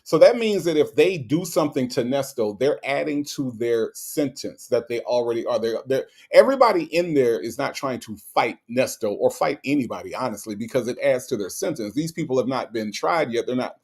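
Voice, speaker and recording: A man hosts a live stream in a loose, conversational way, reading chat comments aloud. He talks in animated bursts of rhetorical questions and repeats his words as he builds a point. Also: medium pitch, fairly quick, few pauses. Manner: slangy, conversational.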